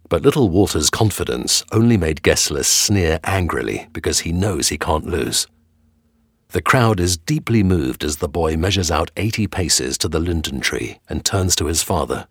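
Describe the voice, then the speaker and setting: A man with a very deep, husky voice narrates a dramatic audio storybook. He tells the tale expressively, his pitch swinging widely, and the recording is close and dry. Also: animated, normal speed, dry recording.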